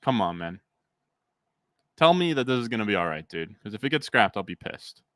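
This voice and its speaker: A young man with a fairly low voice streams a fantasy football draft from home, rambling and talking back to his chat. His voice sounds dry and close on a desk mic. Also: sing-song, fairly quick, a bit bright, no room sound. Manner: rambling, talks to chat, frequent fillers. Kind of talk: casual livestream chat.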